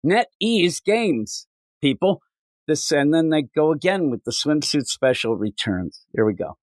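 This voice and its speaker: A man's voice: on the high side, sing-song, moderate pace, no echo, studio quality. A man hosting a comics podcast, riffing jokily and putting on silly voices. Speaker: podcast host. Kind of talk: casual comedic chat.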